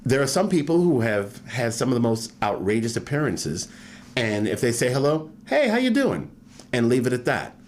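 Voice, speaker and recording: A man's voice: medium pitch, moderate pace. A man in his fifties from New York, telling stories from his life in an oral history interview and acting out the voices of people he quotes. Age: 50s. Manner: animated, acts out quoted voices.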